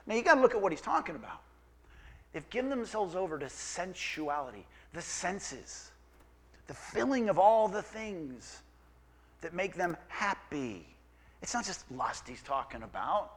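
A male pastor delivering a sermon with a high, bright voice that swoops up and down in pitch. He preaches conversationally and with emphasis, dropping into quiet asides between forceful points. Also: sing-song, normal speed.

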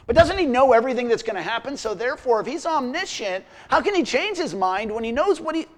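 A man preaching a sermon as pastor, impassioned and full of rhetorical questions, dropping to a quiet, earnest tone in prayer. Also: very high voice, sing-song, fast. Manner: quiet and earnest when praying.

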